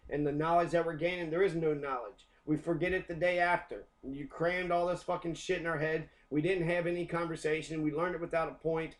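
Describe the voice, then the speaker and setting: A man's voice: a little high, darkish tone. A young adult American man delivering a heated, profane rant, often repeating himself. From United States. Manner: profane, heated, repetitive ranting. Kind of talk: angry rant.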